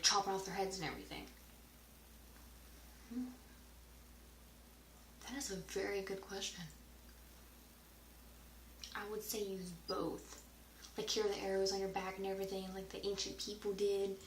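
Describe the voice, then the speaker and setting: A woman's voice: medium pitch, level tone, brisk, a little hiss or hum. Chatty rambling woman in an echoey room. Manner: rambling, chatty, drifts into whispers at times. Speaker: vlogger answering viewer questions. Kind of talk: casual Q&A vlog. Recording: roomy echo.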